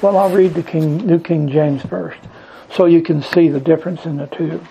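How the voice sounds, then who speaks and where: A man's voice: fairly high pitch, steady tone, moderate pace, vocal fry, warm tone, slight background noise, rough recording. A man teaching from the Bible to a small group, reading scripture aloud, asking questions and building emphasis on repeated lines. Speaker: preacher.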